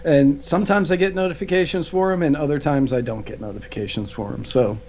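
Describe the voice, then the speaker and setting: A man co-hosting a casual podcast, explaining haltingly and repeating his words as he goes. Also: a little high, a little mellow, highs cut off, slight background noise. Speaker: podcast co-host.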